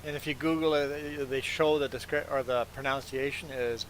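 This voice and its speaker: A man's voice: mid-range voice, flat delivery, moderate pace, a little hiss or hum, low-quality recording. A man whose first language is not English, streaming a farming game and chatting casually and rambling to viewers. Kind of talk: casual chat while gaming.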